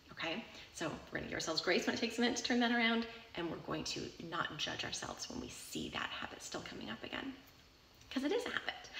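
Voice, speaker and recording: A woman's voice: medium pitch, vocal fry, a bit bright, roomy sound, slight background noise. A woman speaking in a casual, reassuring advice talk, often checking in with the listener by asking "right?" or "okay?". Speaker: self-help author answering a listener question.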